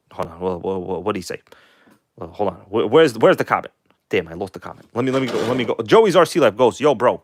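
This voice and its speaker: A man hosts a relaxed livestream, building a model engine and chatting with viewers in a mix of showy animation and muttered asides. His voice is lowish, and the clean studio sound carries no room sound.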